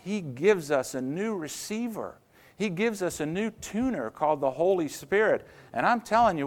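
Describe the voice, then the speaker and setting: In a church, a pastor with a fairly high-pitched voice preaches an earnest, story-driven sermon, slowing down and speeding up for emphasis.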